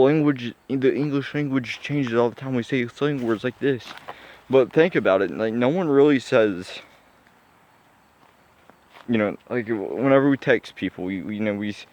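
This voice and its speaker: A man's voice: lowish voice, a little mellow. A young man musing aloud in a casual vlog, rambling with many fillers and restarts. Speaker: vlogger. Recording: dull lo-fi sound.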